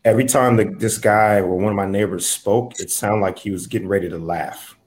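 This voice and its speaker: Reflective American comedian, low voice. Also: male voice, a little fast, slight background noise. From United States. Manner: rambling, reflective, frequent fillers. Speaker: host, comedian. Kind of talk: casual podcast chat.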